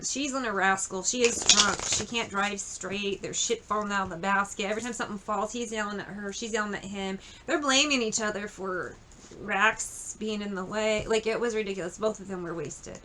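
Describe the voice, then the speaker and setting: A woman's voice: mid-range voice, pushed and bright, slight background noise. A woman giving a casual tarot reading, chatty and blunt, swearing freely as she tells a story. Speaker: tarot reader.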